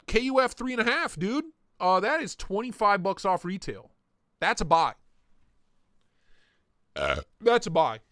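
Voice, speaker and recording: A man hosting a casual livestream, reviewing knife listings with crude jokes and frequent laughter, his voice going a bit hoarse. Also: high voice, pushed and bright, no echo, clean studio sound. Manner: crude joking banter, laughs often. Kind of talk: casual live-stream commentary.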